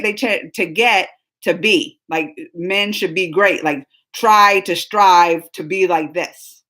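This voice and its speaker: A woman hosting a casual reaction discussion, talking in an animated, rambling and emphatic way with the people in the room. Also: mid-range voice, normal speed. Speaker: reaction show host.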